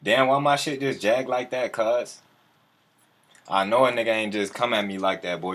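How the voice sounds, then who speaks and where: A man's voice: lowish voice, normal speed, fairly bright tone. A man chatting loosely with viewers on a livestream, full of profane slang and answering their comments as they come in. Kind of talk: casual livestream chat.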